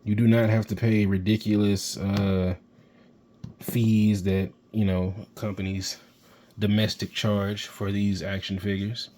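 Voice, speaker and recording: A man reviewing an action figure in excited, rambling casual talk, geeking out. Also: lowish voice, slow. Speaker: toy reviewer. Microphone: handheld camera mic.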